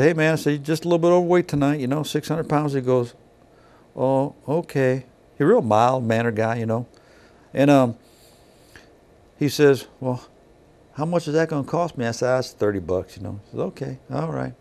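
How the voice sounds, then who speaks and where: Middle-aged male inspector, folksy yarn-spinner, voices the other people in his stories, mid-range pitch. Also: darkish tone. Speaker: weigh station inspector. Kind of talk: casual storytelling.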